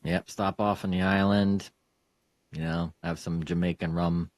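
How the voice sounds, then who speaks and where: A man's voice: low voice, level tone, unhurried, no room sound. A man hosting a casual interview, rambling with fillers and laughing often. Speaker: podcast host.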